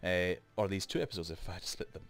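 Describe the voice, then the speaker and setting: A man's voice: low voice, animated, fast, no echo, soft background music. A man hosting a let's play, chatting and rambling through explanations with lots of asides, into a desk microphone. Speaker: gaming channel host.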